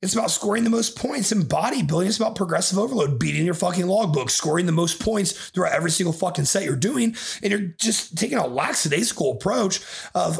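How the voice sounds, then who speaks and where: A man's voice: sits high, sing-song, brisk, gravelly. A man hosting a podcast as a bodybuilding coach, ranting in an aggressive, profane way and swearing constantly.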